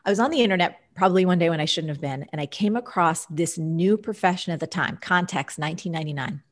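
A woman in her forties, slightly low-pitched, sharing a personal story as a guest on an interview show. She tells it with animation, voicing her own old thoughts as quotes along the way. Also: quick pace.

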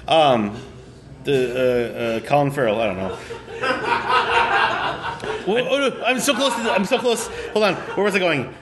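A man hosting a podcast in casual rambling chat, halting and restarting, trailing off and laughing. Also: sits high, lively intonation, background noise. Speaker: podcast host.

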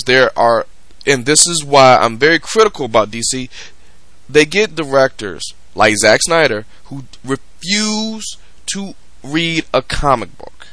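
Bright-voiced man ranting on a podcast. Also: mid-range voice, lively intonation, measured pace, no echo. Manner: profane, emphatic ranting. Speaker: podcast host. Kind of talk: casual commentary rant.

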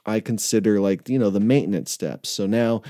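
A man's voice: lowish voice, moderate pace, warm tone, no echo, clean studio sound. A man hosting a podcast, talking in a loose, casual monologue, swearing freely and laughing often. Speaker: podcast host.

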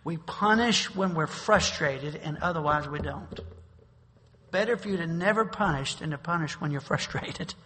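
A middle-aged man preaches in a high, bright voice, telling homespun stories and then pressing his point hard. His words ring out with a long reverb, as in a church hall. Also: moderate pace, a little hiss or hum. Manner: folksy storytelling, with bursts of forceful preaching. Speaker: pastor. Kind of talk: sermon. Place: church sanctuary.

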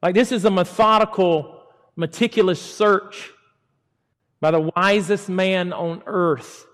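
A middle-aged man preaches with a somewhat high voice, acting out the words he quotes. He swings between loud emphasis and hushed, drawn-out asides. His voice rings with a long reverb in a large hall. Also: fairly even intonation. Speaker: pastor. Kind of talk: sermon.

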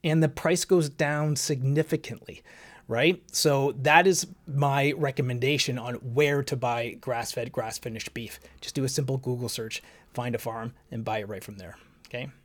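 A man's voice: mid-range voice, fairly even intonation, normal speed. A man hosting a fitness podcast, explaining training methods step by step in a casual way, with frequent "um" and "right?". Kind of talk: casual instructional talk.

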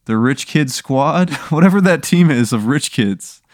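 A man in a casual comedy podcast chat, answering in a hesitant, deadpan way. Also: mid-range voice, unhurried, dry recording, clean studio sound. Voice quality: deadpan, hesitant, uses "uh" a lot. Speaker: podcast guest.

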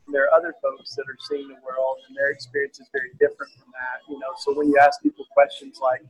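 A man from East Tennessee, a guest in an interview, talking earnestly and haltingly with many restarts. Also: medium pitch, level tone, slightly rough, rough recording. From East Tennessee, USA. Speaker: guest author. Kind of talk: casual conversational interview.

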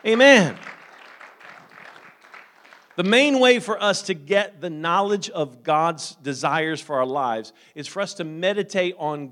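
A man preaching a sermon as pastor, growing loud and emphatic at times, then calm and practical with plain fillers and repeats. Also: fairly high pitch. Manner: frequent fillers and repeated words.

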